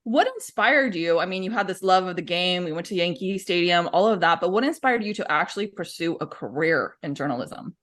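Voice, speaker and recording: A woman co-hosts a podcast and asks her interview questions in an upbeat voice. Her pitch swings widely as she talks. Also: lively intonation, brisk, few pauses, a bit bright. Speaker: podcast co-host.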